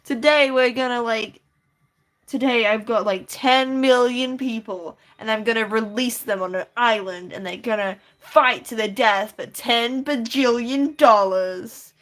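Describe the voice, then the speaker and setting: A woman doing a loud, overexcited impression of a male YouTuber hosting wild stunts. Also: fairly high pitch, unhurried. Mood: hyped.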